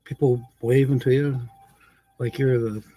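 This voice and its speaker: Slow-talking chatty male stream host. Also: mid-range voice, fairly even intonation, dark tone. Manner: chatty, laughs often, reads chat aloud. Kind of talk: casual live-stream chat.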